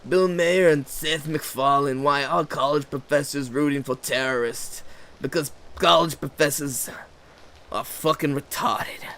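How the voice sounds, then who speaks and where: A man's voice: fairly high pitch, a little slow, a bit bright. A man hosting his own channel, rambling through a sarcastic, profanity-heavy rant and mocking other people's voices. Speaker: channel host. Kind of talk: rambling ranting monologue.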